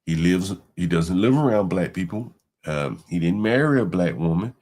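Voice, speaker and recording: A man's voice: low voice, animated, moderate pace, a little mellow. A man hosting a livestream, talking in a rambling, loose way with casual profanity. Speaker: livestream host.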